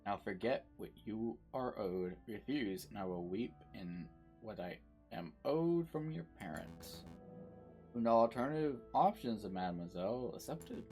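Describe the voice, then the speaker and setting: A man's voice: fairly low pitch, animated, a little slow, mellow, soft background music. A man voicing a theatrical male bird prisoner who talks in a flowery, storytelling way. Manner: flowery, storytelling, French-flavoured address.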